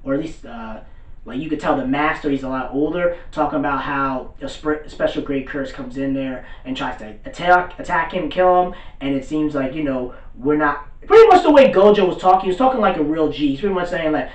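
A man's voice: on the high side, lively intonation, a little fast, muffled recording. Slangy man recapping, roomy distant sound. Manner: loose slangy retelling, acts out characters' lines. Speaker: anime reviewer. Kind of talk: casual episode recap.

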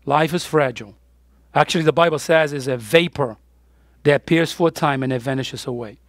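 A man's voice: mid-range voice, brisk, no echo, clean studio sound. A man preaching a sermon as pastor, emphatic, with his voice rising on the key points.

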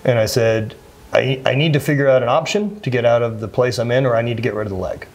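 A man's voice: medium pitch, fairly even intonation, fast talker. A man in his thirties, a former athlete, talking earnestly and plainly as an interview guest, often restarting his sentences. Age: 30s. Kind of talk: candid conversational interview.

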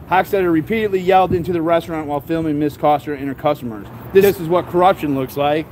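A man's voice: on the high side, a little fast, hardly any pauses, a little mellow, a little hiss or hum. A man reading court papers aloud outdoors, stumbling over the words and breaking off with laughing, sarcastic asides. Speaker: vlogger.

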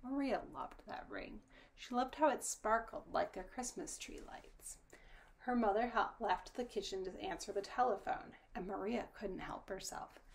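A woman reading a children's storybook aloud, her narration soft and often dropping to a whisper. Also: mid-range voice, measured pace.

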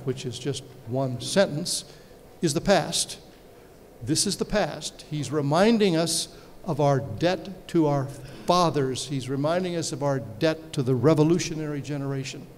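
A man giving a conference lecture, telling stories and putting questions to his audience. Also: on the high side. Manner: storytelling with rhetorical questions to the audience. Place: large hall. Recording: reverberant hall, faint background noise.

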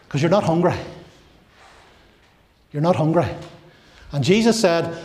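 A man's voice: a little high, expressive, moderate pace, pauses often, a little mellow. A man preaching a sermon as pastor, impassioned, building to fervent repeated declarations and briefly acting out voices of God, Satan and his listeners.

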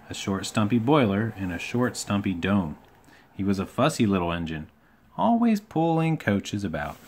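A man with a fairly low voice reads a children's storybook aloud. His reading is relaxed and homely, with small slips and friendly asides along the way. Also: a little hiss or hum. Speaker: storybook reader.

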